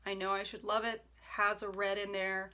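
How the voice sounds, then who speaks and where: A young adult woman chatting casually as a beauty vlogger, enthusiastic, with soft whispered asides. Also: medium pitch, little pitch movement, moderate pace. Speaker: beauty YouTuber. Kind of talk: casual decluttering vlog.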